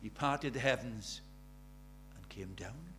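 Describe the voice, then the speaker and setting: A middle-aged man preaching a sermon. He drops to near-whispers and then rises to loud, urgent questions. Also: mid-range voice, animated, takes it slowly, a little hiss or hum. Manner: swings from hushed intimacy to loud urgent questions.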